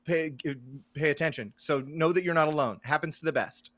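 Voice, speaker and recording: A man with a somewhat high voice describes a scene as a player. The sound is close and dry, with no room echo. He talks in a relaxed, rambling way, full of fillers. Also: a little fast. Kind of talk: playing a tabletop game.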